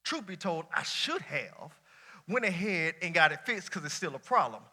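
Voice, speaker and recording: Bright, high-voiced preaching man. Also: normal speed. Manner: lively colloquial preaching, swinging between shouts and near-quiet asides. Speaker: pastor. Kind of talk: sermon. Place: church before a congregation.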